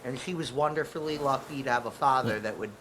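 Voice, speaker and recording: A man's voice: medium pitch, fast, crowd noise. A man co-hosting a podcast, chatting casually and swearing freely as he comments. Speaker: podcast co-host. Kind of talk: casual chat.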